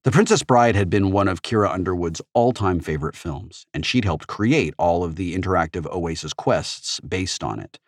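Audiobook narrator, man, very low voice, steady first-person storytelling, dry booth sound. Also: slightly rough, dry recording.

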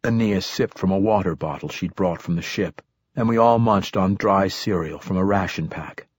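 A man narrating a first-person novel in a measured, reflective way. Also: low-pitched, husky, dry recording, studio quality. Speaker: audiobook narrator.

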